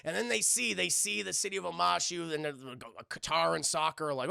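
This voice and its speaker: A man's voice: a little high, fast, vocal fry, few pauses, pushed and bright, smooth, no echo, clean studio sound. A man giving a casual, rambling and profane cartoon review on a live stream, often addressing chat.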